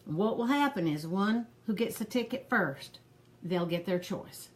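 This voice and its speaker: A fussing, gossiping old granny, put on by a woman rambles along in a folksy drawl. She sounds harried and worn but keeps talking. Her voice sits at an ordinary middle pitch. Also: expressive, unhurried, lightly acted. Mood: chatty. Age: older. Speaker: pearl party host. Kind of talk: comedic character live stream.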